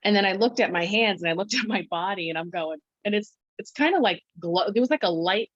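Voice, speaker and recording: A woman guest on a podcast, telling her story in a halting way, full of restarts and quoted self-talk. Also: mid-range voice, animated, dry recording. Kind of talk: conversational storytelling. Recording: dull, lo-fi dry sound.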